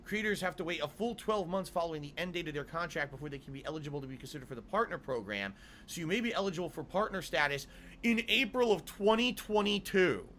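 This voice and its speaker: Indignant middle-aged man, swearing rant, high and bright. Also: expressive, fast talker, a little hiss or hum. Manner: indignant, swearing, repeating demands. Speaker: streamer. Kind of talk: angry rant to camera.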